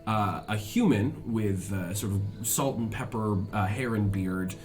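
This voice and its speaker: A man narrating as game master of a tabletop game, measured and polite with small pauses. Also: on the low side, music in the background.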